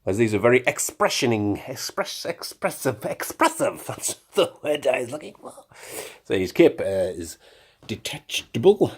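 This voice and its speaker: A man's voice: on the low side, a little mellow, slightly rough. Guy showing off his toy collection, bouncy voice, rambles and jokes around. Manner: chatty, rambling, self-correcting with jokey asides. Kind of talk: casual show-and-tell of collectibles.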